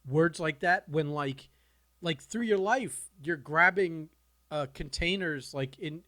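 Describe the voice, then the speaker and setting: Podcast guy rambling on, slightly high voice, casual and sweary. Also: takes it slowly, bright, forceful tone. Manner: rambling, swears, muses aloud. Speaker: podcast co-host. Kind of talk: casual chat.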